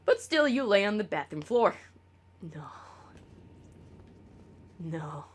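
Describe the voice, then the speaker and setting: A woman's voice: mid-range voice, big pitch swings, takes it slowly. A woman streamer talking casually to her chat, rambling and swearing with lots of stammered restarts.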